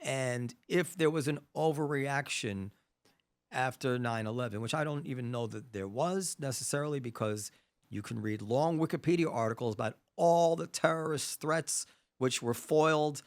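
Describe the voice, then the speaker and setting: A man hosting a casual conversational interview, animated, thinking aloud with frequent restarts. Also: mid-range voice, normal speed. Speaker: podcast host. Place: New York.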